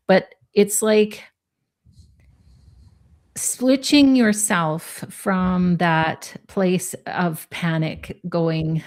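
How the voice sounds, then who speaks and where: A woman co-hosting a spiritual live stream, chatting in a casual, encouraging way. She rambles a little, with lots of likes and ums, and laughs easily. Her voice sits a little low. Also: darkish tone. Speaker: co-host of a spiritual live show.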